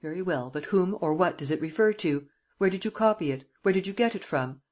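Cocky, commanding gentleman-burglar man read by a reader, husky tone, middling pitch, audiobook. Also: lively intonation, close to an everyday voice. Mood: menacing. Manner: brisk, mocking, commanding. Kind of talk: audiobook dialogue reading.

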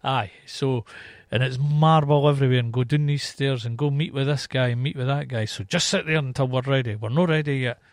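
A man's voice: mid-range voice, fairly quick, hardly any pauses, dry recording. Scottish man, sweary rambling storyteller, dry close sound. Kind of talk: casual chat.

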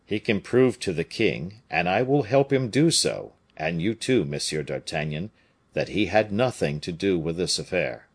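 A man reading a novel aloud, voicing a subtle, gloomy male bishop who was once a musketeer, in a measured way. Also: deep voice, animated, slightly rough, full character voice.

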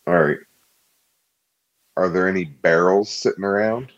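Man, player, very deep voice, slightly dull recording, casual plotting. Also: measured pace. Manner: plotting, conversational, swears casually. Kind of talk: tabletop game play.

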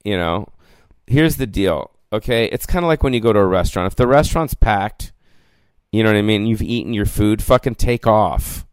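A man in a solo podcast rant with a lowish, smooth, resonant voice. He rambles loosely and swears freely, tossing in "you know what I mean?" again and again. The recording is dry and close, with no room sound. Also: animated, normal speed, no echo. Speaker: podcast host. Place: lying down indoors.

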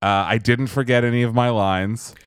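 A young man co-hosting a podcast, telling a long story in a casual, animated, self-amused way. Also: mid-range voice, moderate pace, clean tone, dry recording, studio quality. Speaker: podcast co-host. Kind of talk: casual chat.

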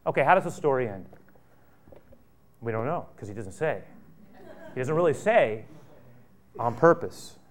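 Male pastor, sermon, mid-pitched voice, impassioned, swings from loud bursts to quiet asides. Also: lively intonation, a little slow, pauses often. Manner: impassioned, repetitive, with rhetorical questions.

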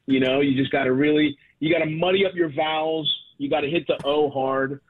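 Over a tinny phone connection, a man from Baltimore talks fairly quickly with few pauses in a steady, somewhat high voice. He's a comedian guest in a casual phone interview, rambling and self-deprecating, with many fillers and restarts.

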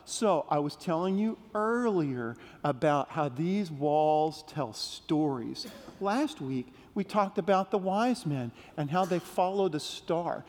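A man giving a playful children's sermon, telling a story gently and asking the kids questions. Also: sits high. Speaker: pastor leading a children's message. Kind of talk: children's sermon with call-and-response. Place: large church sanctuary. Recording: long reverb of a big sanctuary.

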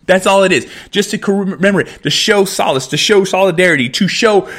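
Heated male podcast host, profane and emphatic, higher-pitched voice. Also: a little fast, a bit bright. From California. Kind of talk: angry podcast rant.

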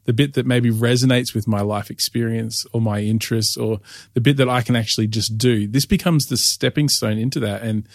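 A man's voice: medium pitch, fairly even intonation, brisk, no room sound. Aussie pastor guy hosting, thoughtful long-winded questions, mid voice, dry. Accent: Australian. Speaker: interviewer, pastor. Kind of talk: reflective interview questions.

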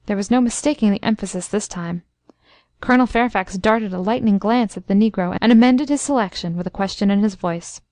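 A woman narrating a classic story in an even, expressive storytelling manner. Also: mid-range voice, brisk, no echo, studio quality. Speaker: audiobook narrator.

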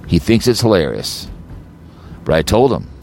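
A man's voice: low voice, big pitch swings, normal speed, gravelly, darkish tone, a little hiss or hum. A man hosting his own podcast, delivering an agitated, rambling rant full of repeats and stumbling restarts. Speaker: podcast host.

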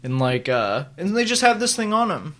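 A man on a comics podcast chatting casually and acting out scenes in quick, funny voices. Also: fairly high pitch, very animated, fairly bright tone. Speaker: podcast co-host.

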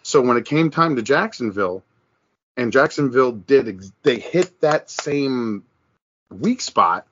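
Animated man riffing on football. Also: mid-range voice, measured pace, no echo, muffled recording. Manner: animated, mocking put-on voices when quoting others, many restarts. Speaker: podcast co-host. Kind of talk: casual sports chat.

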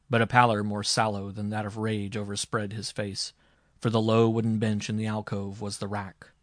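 A man reading a dark historical story aloud, with a dramatic, expressive delivery. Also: lowish voice, dry recording, clean studio sound. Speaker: audiobook reader. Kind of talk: scripted narration.

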